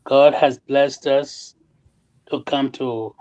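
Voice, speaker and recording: Slow, measured Liberian man. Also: mid-range voice, steady tone, a little mellow, muffled recording. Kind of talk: formal statement on a talk show.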